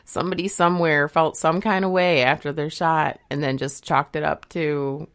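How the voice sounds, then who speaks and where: A woman's voice: deep voice, steady tone, moderate pace, clean tone. A woman from Michigan co-hosting a podcast, easygoing, laughing along and giving short replies. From Michigan, USA. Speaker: podcast co-host. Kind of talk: casual chat.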